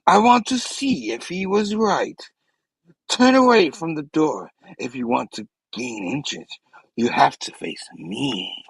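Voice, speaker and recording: A man's voice: a little high, big pitch swings, takes it slowly, gravelly, slightly rough, no echo, heavily acted, poor audio. A man voicing a brooding male hunter who speaks in a solemn, challenging way while retelling a comic book.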